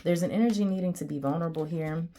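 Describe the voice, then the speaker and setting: A woman with a notably low-pitched voice talks through a tarot reading in a loose, chatty way. She wanders off on tangents and addresses her viewers directly as she goes. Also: quick pace, mellow, slight background noise. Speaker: tarot reader.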